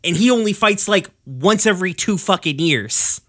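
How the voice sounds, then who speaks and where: A man's voice: high voice, lively intonation, normal speed, a bit bright. A man co-hosting a casual podcast, ranting with heavy swearing. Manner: profane, ranting.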